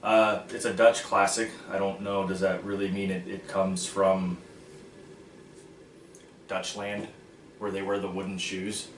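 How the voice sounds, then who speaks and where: A man's voice: deep voice, flat delivery, measured pace, long pauses, slight background noise. A man hosting a casual food-tasting vlog, goofy and self-mocking as he jokes about snacks. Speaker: vlog host. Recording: echoey room from far off.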